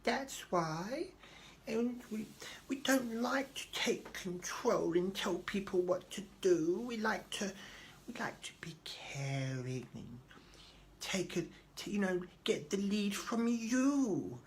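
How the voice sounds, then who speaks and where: A man putting on the voice of a soft-spoken, gently patronising woman social worker, in breathy half-whispered mimicry. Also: sits high, lively intonation, takes it slowly, slight background noise, voice pushed up, exaggerated voice, low-quality recording. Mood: mocking sweetness.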